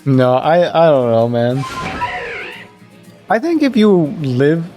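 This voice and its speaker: A young man from Virginia chatting casually while playing a game, rambling and joking, jumping up in pitch to make a point. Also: sing-song, slow pace, over music. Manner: rambling, joking, jumps into higher pitch for emphasis. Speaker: gaming streamer. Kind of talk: casual gameplay commentary.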